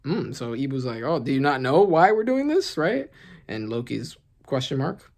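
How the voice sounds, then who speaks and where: A host reading comic panels aloud and reacting excitedly in casual commentary, often asking "right?". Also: mid-range voice, normal speed, gravelly. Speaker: manga reaction channel host.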